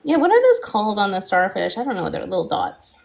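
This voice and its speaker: A woman's voice: medium pitch, fast, gravelly. A woman with a Canadian accent hosting a casual painting livestream, chatty and often laughing. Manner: chatty, laughing, animated teasing. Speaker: art livestream host. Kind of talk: casual painting tutorial chat.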